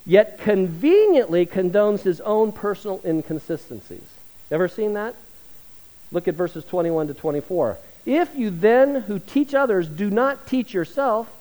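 Male pastor, middle-aged, high voice swinging widely, animated storytelling sermon. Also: poor audio. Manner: animated storytelling with self-deprecating humor.

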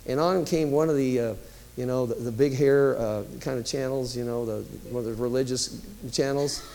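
Gravelly-voiced male pastor preaching. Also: mid-range voice, fairly even intonation, normal speed, warm tone, low-quality recording. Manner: conversational storytelling with emphatic rises. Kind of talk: sermon.

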